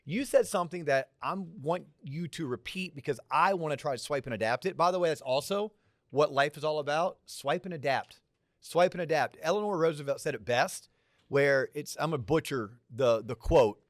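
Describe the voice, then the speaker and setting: A man's voice: on the high side, moderate pace, no room sound, clean studio sound. A man hosting a podcast, giving motivational business advice to a college audience. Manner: motivational, conversational. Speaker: podcast host. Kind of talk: talk in front of a college audience.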